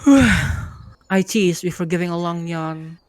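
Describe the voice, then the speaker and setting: A woman hosting a live reading night and narrating a first-person story in a steady, easygoing way. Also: fairly low pitch, slow pace, dry recording. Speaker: host and narrator.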